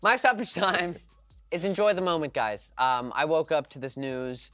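A man's voice: medium pitch, normal speed, a bit bright, no echo, soft background music. A man hosting a sports podcast, talking in a casual, enthusiastic and fired-up way. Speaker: podcast host and fan.

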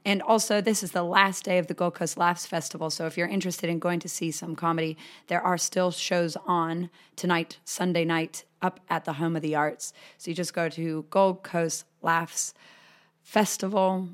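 A woman hosting a podcast, chatty and casual, swearing freely and laughing often. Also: fairly low pitch. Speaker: podcast host. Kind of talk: casual podcast intro and chat.

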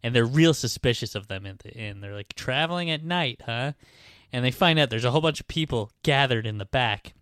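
Male podcast host, smooth voice, dry close sound, rambling casual plot recap with the odd curse. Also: mid-range voice, fairly bright tone, no echo. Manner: rambling, profane retelling with quick put-on character voices. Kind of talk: casual book-recap chat.

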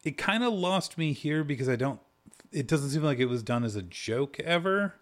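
A young man co-hosting a casual podcast chat, making dry, deadpan jokes and contrary remarks. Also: fairly high pitch, normal speed. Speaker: podcast co-host. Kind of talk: casual chat about a film.

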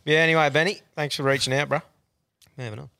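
A man's voice: on the high side, fairly even intonation, quick pace, gravelly, bright, forceful tone, clear, resonant tone. An Australian man hosting a podcast, rambling and swearing freely in crude casual banter. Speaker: podcast host.

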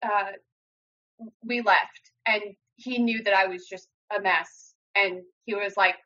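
A woman's voice: medium pitch, steady tone, slow pace, pushed and bright. A young woman earnestly telling a personal story in a casual way, with many "like" fillers. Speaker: guest sharing her story. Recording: dull lo-fi audio.

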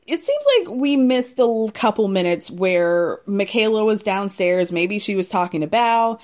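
A young woman casually recapping a reality show in a chatty, gossipy way, often laughing and acting out what people said. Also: mid-range voice.

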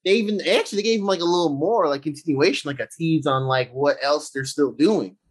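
A man co-hosting a casual movie talk show, rambling excitedly and acting out scenes with lots of fillers. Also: on the high side, fast, slightly rough. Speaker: podcast co-host.

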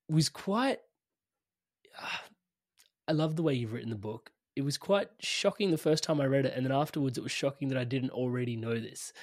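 A man's voice: mid-range voice, a little mellow, no echo, studio quality. A man hosting an interview podcast, casual and enthusiastic, laughing often as he talks. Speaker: podcast host.

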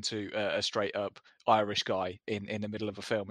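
A man's voice: lowish voice, little pitch movement, fairly quick, a bit bright, no echo. Grumbling, opinionated podcast man. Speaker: podcast co-host. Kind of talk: casual film chat.

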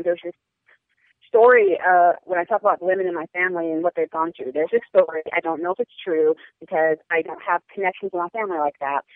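A young woman speaking frankly and earnestly as a podcast guest, her talk full of "like" and "um". Her voice comes through a tinny, narrow phone line. The sound is dry and close, with no room echo. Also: on the low side. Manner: earnest, frank, many fillers like "like" and "um". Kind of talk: personal storytelling interview. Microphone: phone or call line.

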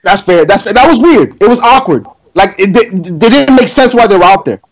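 A man's voice: high voice, lively intonation, fairly quick, poor audio. A man co-hosting a wrestling podcast, chatting casually and joking with many restarts. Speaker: podcast co-host.

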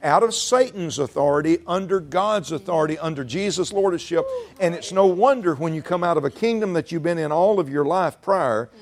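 Higher-voiced male preacher. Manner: conversational, teasing the congregation with humorous asides; slows down to stress key phrases. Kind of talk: sermon with call-and-response.

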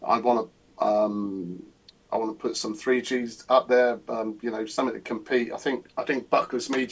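A man with an English accent, a football club chairman, talking casually and at length with many hesitations and repeated words. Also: medium pitch. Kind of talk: casual chat.

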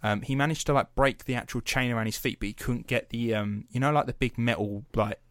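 This young man's mid-range voice is a bit bright and a little fast, with fairly even intonation, as he hosts a podcast and spins a loose, chatty story. Fillers and free swearing run throughout, and the studio recording is clean with no room sound.

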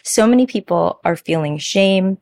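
A woman, a pilates teacher telling stories as a guest in a casual podcast interview, animated and chatty with many fillers. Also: medium pitch, moderate pace. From Toronto, Canada.

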